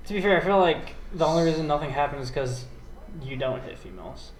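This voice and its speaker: A man's voice: on the high side, quick pace. A man trading crude jokes in a casual group chat. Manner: crude, joking banter. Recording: roomy echo, faint noise.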